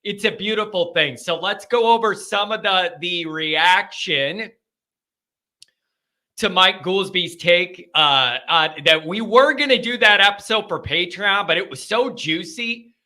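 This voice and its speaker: A man's voice: sits high, pushed and bright. A man hosting a fan call-in show, talking in a rambling, joking, conversational way with frequent restarts. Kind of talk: casual solo podcast chat.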